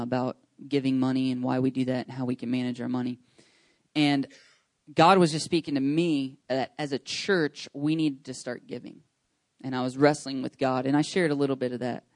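A man's voice: mid-range voice, dry recording. A pastor in his thirties making casual, rambling church announcements with lots of fillers and an enthusiastic tone. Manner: chatty, rambling with many fillers and restarts; enthusiastic, excitable. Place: church service.

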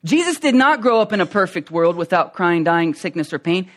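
A man delivers a sermon in a high voice. He talks in a conversational way, with fillers and restarts, then builds to loud, emphatic preaching. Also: big pitch swings, brisk.

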